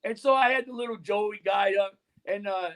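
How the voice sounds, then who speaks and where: A man with a notably high speaking voice tells long, loose stories as a guest on a talk show. He rambles from one thread to the next and peppers nearly every phrase with "you know" and "man". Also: normal speed, a crowd in the background. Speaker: guest musician and radio host. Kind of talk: casual interview storytelling.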